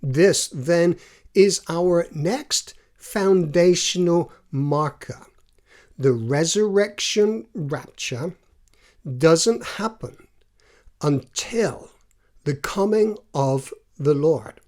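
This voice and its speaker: A Bible teacher giving a scripted, earnest talk, reading scripture aloud in a measured way. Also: medium pitch, lively intonation, darkish tone.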